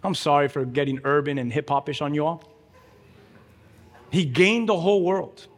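A man's voice: fairly high pitch, moderate pace, in a large hall. A man preaching a sermon as pastor, urging the congregation directly and with emphasis.

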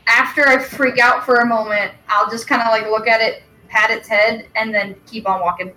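A woman's voice: a little high, steady tone, normal speed, sharp tone, soft background music, rough recording. A woman playing a tabletop game, speaking bluntly and emphatically. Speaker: player. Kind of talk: tabletop role-play.

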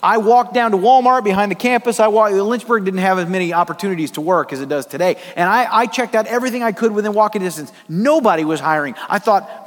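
High-voiced preacher man in a reverberant hall. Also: quick pace, few pauses. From South Dakota, USA. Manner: animated, humorous storyteller. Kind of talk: sermon storytelling. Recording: long reverb of a large hall.

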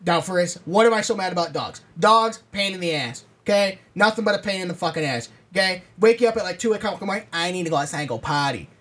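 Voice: mid-range voice, fast, hardly any pauses, a bit bright. A podcast co-host in casual chat, ranting comically and swearing constantly over a home setup.

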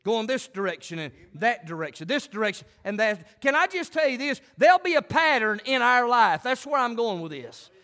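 A man preaching a folksy country sermon, building up to shouted, fervent passages. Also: very high-pitched, very animated, normal speed, few pauses. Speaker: pastor.

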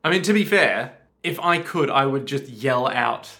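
A man co-hosting a podcast in casual chat, jokey and riffing, quick to chime in. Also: mid-range voice, expressive, sharp tone. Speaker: podcast co-host.

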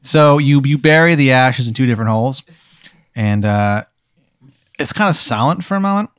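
A man's voice: mid-range voice, lively intonation, normal speed, clean tone, no room sound. A man in the host seat tells a made-up scenario in a loose, rambling, playful manner. His voice sits mid-range, recorded dry and close with no room sound. The delivery is casual and unpolished. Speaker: podcast host posing a hypothetical. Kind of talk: casual improvised storytelling.

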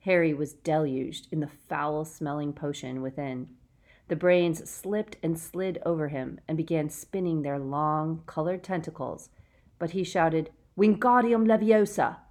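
Lower-voiced woman narrating an audiobook dramatically. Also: a little mellow. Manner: dramatic, tense storytelling. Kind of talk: scripted narration.

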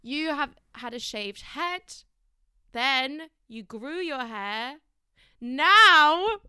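A woman's voice: high voice, pushed and bright, clear, resonant tone, dry recording. A young woman hosting a casual podcast interview, chatty and giggly, easily drifting off topic. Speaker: podcast host.

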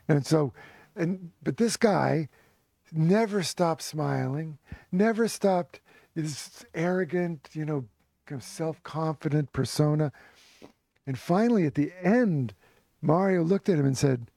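A man with a gravelly, somewhat raised voice spins a tale for an interviewer, with a lively storyteller's delivery. His tone is warm and mellow, and the room sounds dry. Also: a little high, a little slow, pauses often, no echo. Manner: lively storyteller who acts out quoted voices, with restarts and chuckles. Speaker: author guest. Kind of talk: anecdotal storytelling in conversation.

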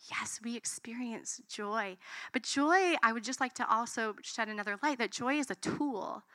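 Bright-voiced woman preaching. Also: on the high side, dry recording. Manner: animated storytelling, acts out quotes. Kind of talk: sermon.

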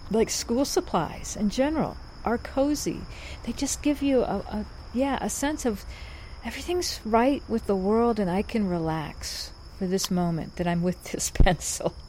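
A woman's voice: medium pitch, unhurried, a little mellow, a little hiss or hum. A woman, hosting a podcast as a rambling, chatty monologue full of restarts and asides. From North Carolina. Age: 50s. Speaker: podcast host. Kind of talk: casual monologue.

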